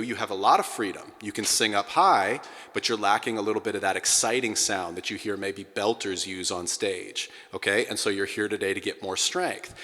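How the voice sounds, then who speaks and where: A middle-aged man teaching a singing class, energetic and breaking into sung sounds to demonstrate. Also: lowish voice. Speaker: vocal coach. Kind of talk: singing lesson to a group. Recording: hall with long reverb.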